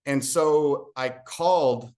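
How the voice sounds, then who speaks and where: A man's voice: medium pitch, takes it slowly, a little mellow. A man speaking as a guest speaker, telling an earnest personal story in a motivational talk and acting out the dialogue.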